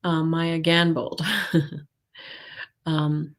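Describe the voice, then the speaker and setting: A woman hosting a live stream of tarot readings, talking in a chatty, hesitant way with many fillers and soft laughs, reassuring her viewers. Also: fairly low pitch, a little slow. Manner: warm reassuring intuitive tone. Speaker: intuitive reader, stream host.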